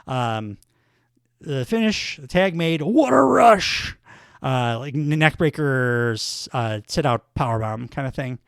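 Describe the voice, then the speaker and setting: A man's voice: medium pitch, a little slow, fairly bright tone, clear, resonant tone, no room sound, clean studio sound. A man hosting a podcast, giving a casual, rambling recap of a wrestling show with plenty of fillers. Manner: rambling, filler-heavy commentary. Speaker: podcast host.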